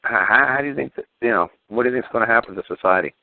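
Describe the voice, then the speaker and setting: A man's voice: mid-range voice, very fast, no echo. A man hosting a talk radio show, speaking bluntly and heatedly with profanity and stammering restarts. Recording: tinny phone-line radio audio.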